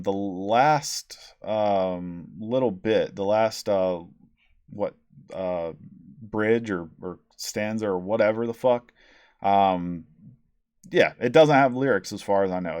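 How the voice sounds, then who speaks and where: A man with a low voice rambles through a casual album review, sarcastic and profane, filling gaps with ums and restarts. The sound is dry and close to the mic, with no room around it. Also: takes it slowly, darkish tone, no room sound. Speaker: podcast host reviewing albums.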